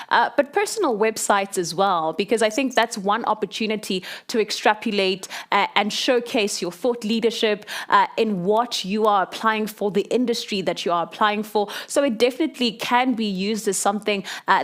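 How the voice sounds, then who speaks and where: A woman moderating an online panel discussion, with many drawn-out fillers between phrases. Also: mid-range voice, fairly bright tone.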